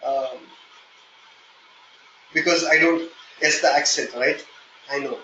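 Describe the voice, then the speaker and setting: A man with an Indian accent teaching a live online software testing class, explaining step by step and checking in with "okay?". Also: on the high side, steady tone, slow pace, echoey room, slight background noise, poor audio. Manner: explanatory, repeats "okay?" often, hesitant fillers when flustered. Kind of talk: live online training session.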